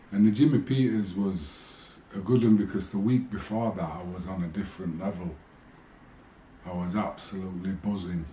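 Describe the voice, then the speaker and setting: A man's voice: sits low, a little hiss or hum. A middle-aged man, a former boxer casually telling fight stories and acting out old conversations. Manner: animated storyteller, re-enacting exchanges. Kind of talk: casual storytelling. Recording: echoey room with faint ambience.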